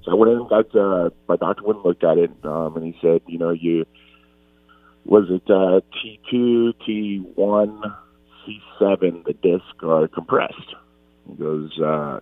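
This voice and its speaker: A man's voice: deep voice, a little slow, no room sound, narrow, tinny audio. A man in his forties talking earnestly as an interview guest, often restarting and repeating himself. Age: 40s. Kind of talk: casual interview talk.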